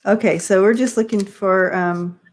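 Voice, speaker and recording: A woman's voice: medium pitch, fairly even intonation, normal speed. A woman co-hosting a casual livestream on a video call. She talks in a friendly way, explains things and reads out the chat. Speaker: livestream co-host.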